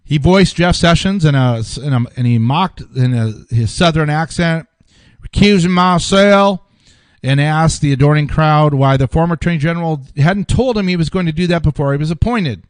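A man talks through a political news article in a loose, off-the-cuff way, restarting sentences and repeating himself as he goes. His voice sits somewhat high for a man. The sound is close and dry, with no room reverb. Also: fairly quick, few pauses. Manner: rambling, restarts often, repeats words. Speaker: political commentary host. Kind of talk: casual news commentary.

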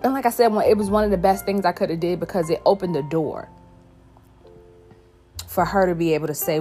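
In this candid personal talk to viewers, a mother speaks frankly and profanely, with emphatic repetition and faint background music. Her warm voice sits on the low side, and she talks fairly quickly but leaves long pauses.

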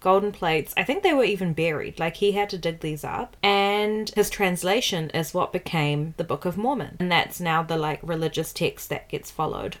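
A young woman with a New Zealand accent hosting a podcast in a casual, chatty way, talking slowly and laughing often. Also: fairly low pitch. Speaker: podcast host.

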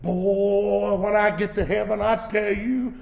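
A man preaching a sermon, swelling into shouted emphasis, recorded in a church sanctuary. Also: high voice, flat delivery, takes it slowly, vocal fry. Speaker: pastor. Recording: echoey church hall.

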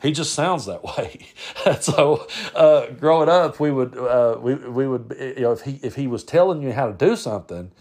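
A man's voice: mid-range voice, normal speed, a little mellow. A man, hosting a podcast and telling casual stories about family, rambling and often restarting his words. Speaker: podcast host. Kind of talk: casual storytelling monologue.

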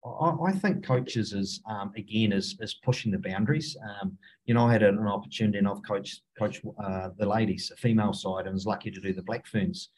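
A middle-aged man with a New Zealand accent, a rugby coach answering interview questions in a halting way, with many fillers and restarts. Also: lowish voice, darkish tone, breathy edge, poor audio. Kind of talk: casual interview talk.

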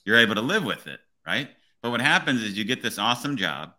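A police officer hosting a podcast, talking in an earnest, motivational way and often checking in with "right?". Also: male voice, medium pitch, big pitch swings, fast, pushed and bright. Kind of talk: casual podcast conversation.

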